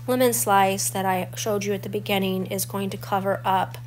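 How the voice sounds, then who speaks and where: A woman's voice: medium pitch, fairly even intonation, moderate pace. A woman in her forties with a stuffy, slightly crackly voice from a cold, chatting through the steps of a scrapbooking tutorial. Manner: chatty and explanatory, walking through each step. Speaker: scrapbooking channel host. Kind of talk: crafting tutorial voice-over.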